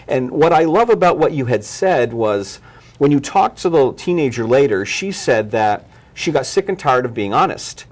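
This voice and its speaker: A man's voice: mid-range voice, very animated, moderate pace. A man hosting a parenting talk show, thoughtfully summing up and framing questions for his guest. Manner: thoughtful, frequent restarts and fillers while framing questions. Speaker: host.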